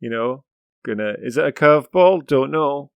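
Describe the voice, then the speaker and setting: Gravelly joking podcast co-host man. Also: medium pitch, expressive, normal speed, no room sound, lo-fi sound. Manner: playful, joking, laughs a lot, trails off quietly. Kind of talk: casual podcast chat.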